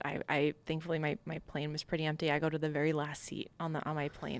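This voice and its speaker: A woman from Long Island, a podcast guest, telling her story in a lively way, laughing often and acting out dialogue. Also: low voice, quick pace, few pauses. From Long Island, United States. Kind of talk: casual storytelling interview.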